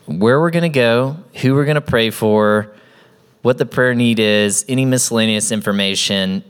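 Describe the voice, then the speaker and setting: Lowish guy voice, chatty storytelling, does little voices for people in the story. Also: smooth. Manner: animated storyteller acting out quoted people. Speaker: ministry trainer. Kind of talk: storytelling in a casual talk.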